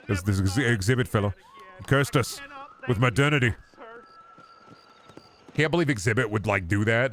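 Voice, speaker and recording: A man's voice: fairly low pitch, a little hiss or hum, lightly acted. A man voicing a flustered Amish farmer who keeps dramatically pleading with his wife.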